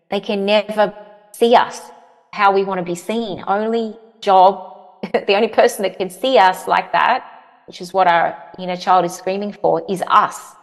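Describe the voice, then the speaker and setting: A woman guest answering interview questions earnestly, often repeating phrases for emphasis. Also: lowish voice. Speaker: parenting guest. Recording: long reverberant echo.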